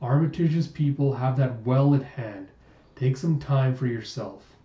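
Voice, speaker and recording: A man voicing a stern, commanding older father in a comic readthrough, slow and firm. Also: medium pitch, roomy sound, far from the mic, highs cut off, lightly acted.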